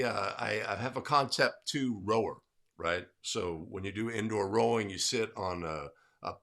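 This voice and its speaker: A man's voice: on the low side, pushed and bright. A man hosting a livestream in casual chat, upbeat and greeting viewers by name. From California. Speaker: livestream host.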